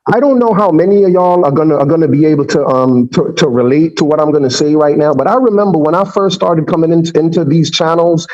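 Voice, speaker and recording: A man's voice: on the high side, fast, hardly any pauses, a little mellow. A man in a group voice chat pressing his argument and asking to be allowed to finish. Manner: persistent, asks to finish his thought. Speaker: debate participant. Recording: dull lo-fi voice chat audio.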